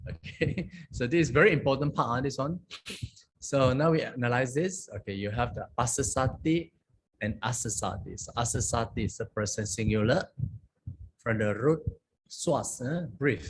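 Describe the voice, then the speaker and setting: Husky-voiced monk teaching scripture language. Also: male voice, medium pitch. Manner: checks in with frequent "okay?" and "huh?"; recites scripture lines slowly. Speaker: Buddhist monk teaching Pali.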